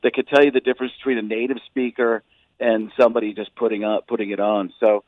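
A man chatting as a comedian guest on a radio interview, rambling with quick asides and restarts. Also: on the low side, level tone, no room sound, phone-quality sound. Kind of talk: casual radio interview chat.

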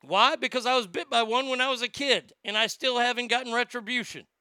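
A man goes on a blustering, profane comedic rant and stammers when he gets worked up. His voice sits high and very bright with a gravelly rasp. It is recorded dry on a close mic. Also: brisk, dry recording.

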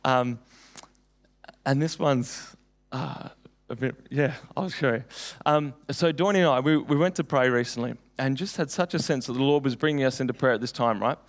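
A man's voice: medium pitch, normal speed. A young man preaching a sermon, telling personal stories in an earnest, conversational way.

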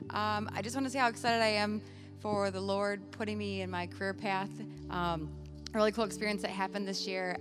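A woman who teaches nursing, sharing an earnest, heartfelt testimony at a church service with frequent ums. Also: medium pitch. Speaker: nursing instructor giving testimony. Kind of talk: personal testimony.

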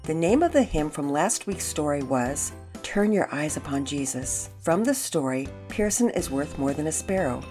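A woman hosts a program and reads a children's story aloud in a clear, storytelling manner. Her voice sits a little low and swings widely as she animates the tale. Faint music plays underneath. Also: animated, moderate pace, few pauses, dark tone. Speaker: storyteller and host.

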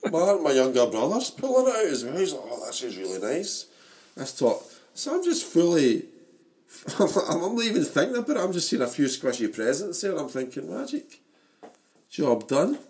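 A Scottish man in his forties, chatting about football and family in an animated way, laughing often, his voice going a bit hoarse. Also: on the high side, fairly quick. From Scotland. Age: 40s. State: losing his voice. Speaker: podcast co-host. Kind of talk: casual football chat.

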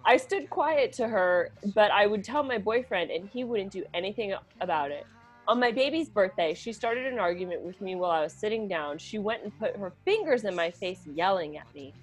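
A woman co-hosting a comedic advice podcast, reading listener letters aloud and then mulling them over in a chatty, halting way. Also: mid-range voice, expressive, faint music behind. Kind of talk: casual comedic podcast chat.

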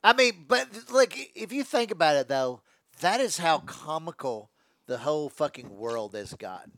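A man's voice: a little high, expressive, moderate pace, fairly bright tone, dry recording. A man co-hosting a podcast who mostly gives short agreeable replies and swears casually. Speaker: podcast co-host. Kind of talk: casual banter.

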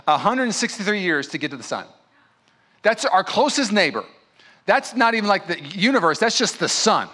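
A male pastor preaches to a congregation in an emphatic, conversational way, weaving in stories. His voice is bright and forceful, sitting a little high for a man, and he talks to the room as if to friends. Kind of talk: sermon. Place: church in front of a congregation.

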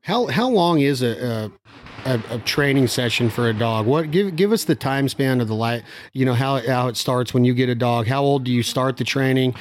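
A man's voice: medium pitch, expressive, moderate pace, slight background noise. A man hosting, asking curious questions that prompt his guests to explain. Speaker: host. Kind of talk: interview questions.

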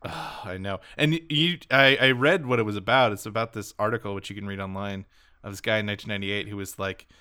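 Guy on a podcast, kinda low but bright voice, gets excited and laughs a lot. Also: fairly quick, clean tone. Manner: animated, laughs a lot, jumps to high squeaky voices for quoted reactions. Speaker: podcast co-host. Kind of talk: casual chat.

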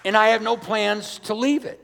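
Male pastor, high voice, emphatic conversational sermon, long church-hall reverb. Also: fairly even intonation, normal speed, creaky, fairly bright tone, some chatter behind, a little hiss or hum. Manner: emphatic, conversational preaching with rhetorical questions.

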